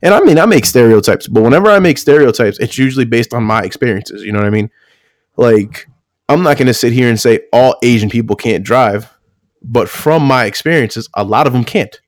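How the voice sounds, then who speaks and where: A man's voice: mid-range voice, animated, brisk, no room sound, clean studio sound. A man on a podcast telling stories in casual chat, swearing and laughing often. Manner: loose, profane, laughs often, acts out quotes.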